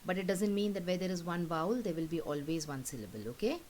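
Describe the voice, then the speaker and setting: A woman teacher's lowish, darkish voice sounds animated as she patiently repeats every word two times, slowly, to show how it's pronounced. The recorded lesson is low quality, with faint hiss.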